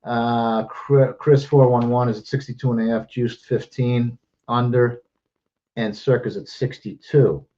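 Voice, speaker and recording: A man's voice: medium pitch, steady tone, dark tone, dull audio. A man hosting a sports betting show, rattling off picks and lines in casual, profane, jokey chat, a bit out of breath. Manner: rapid-fire, profane, jokey.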